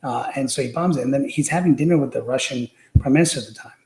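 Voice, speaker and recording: A man appears as a guest on a casual political podcast, telling lively stories and acting out the quotes. His voice is mid-range and quick. The audio is poor and reverberant.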